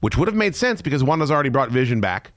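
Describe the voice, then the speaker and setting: A man hosting a podcast in casual chat, excitable and profane, often breaking into loud shouting. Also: medium pitch, rapid-fire. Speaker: podcast host.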